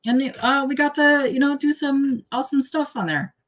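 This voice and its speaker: A woman's voice: high voice, moderate pace. Easygoing woman joining a live chat. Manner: easygoing, laughs along, dry quips. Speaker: guest co-host. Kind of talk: casual live-stream chat.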